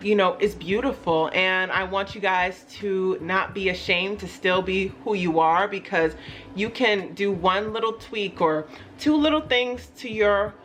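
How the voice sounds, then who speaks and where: A woman's voice: medium pitch, measured pace, a bit bright. Chatty young woman vlogging. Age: young adult. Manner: chatty, self-deprecating, rambling. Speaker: YouTube host. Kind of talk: casual vlog chat.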